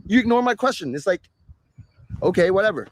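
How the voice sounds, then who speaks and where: A man's voice: high-pitched, expressive, fairly quick, a little hiss or hum. A man hosting a live stream, talking casually to viewers in a sarcastic, exasperated rant. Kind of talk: ranting casual talk to viewers.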